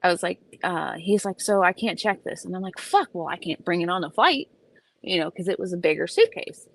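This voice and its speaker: A young woman tells a story in a casual vlog, swearing freely and leaning hard on her words. Her voice sits a little low for a woman. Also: brisk, creaky, no echo. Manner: animated, profane, emphatic retelling. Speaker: vlogger.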